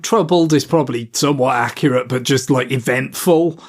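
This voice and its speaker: Hesitant, rambling podcast co-host. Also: male voice, medium pitch, normal speed. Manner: rambling, hesitant, many fillers and restarts. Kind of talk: casual gaming podcast chat.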